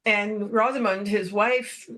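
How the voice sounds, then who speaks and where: A middle-aged woman, a podcast guest, telling personal stories in a casual, animated way. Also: medium pitch, takes it slowly. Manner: animated anecdotal storytelling. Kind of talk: casual storytelling.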